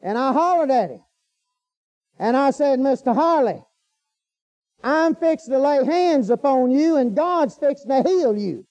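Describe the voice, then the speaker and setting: A man's voice: extremely high pitch, animated, measured pace, pauses often, darkish tone. A middle-aged man preaching a storytelling sermon in a folksy, colloquial way, breaking into hallelujahs.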